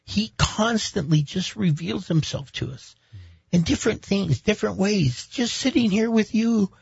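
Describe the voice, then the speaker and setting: A man's voice: high-pitched, a little slow, gravelly, slightly rough, no room sound, muffled recording. A man who is a pastor gives an emphatic, preacher-like testimony in an interview, repeating words for weight.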